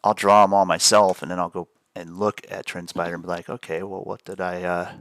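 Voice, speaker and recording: A middle-aged man talks through his day trades in a relaxed live stream, musing aloud over the charts. His voice sits low and has a gravelly edge with a crisp, bright tone. The sound is dry and close. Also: fairly quick, no echo. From United States. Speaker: day trading stream host. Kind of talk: casual live-stream commentary.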